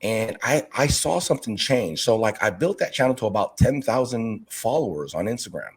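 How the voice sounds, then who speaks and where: His voice sits on the low side, slightly rough, at a moderate pace. The Northern California coach of youth basketball and aquarium channel creator spins animated stories in relaxed interview talk, acting out quoted voices.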